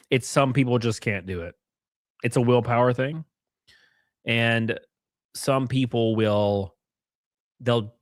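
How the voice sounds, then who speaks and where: A man's voice: mid-range voice, no room sound, clean studio sound. A young man hosting a casual live stream, reading viewer comments and joking crudely with frequent laughs. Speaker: livestream host.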